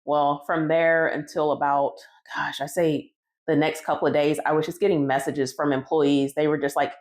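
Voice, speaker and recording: Low-voiced woman telling her story. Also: level tone, moderate pace, darkish tone. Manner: casual, conversational, retelling dialogue. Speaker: home cake baker telling her story. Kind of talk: storytelling vlog.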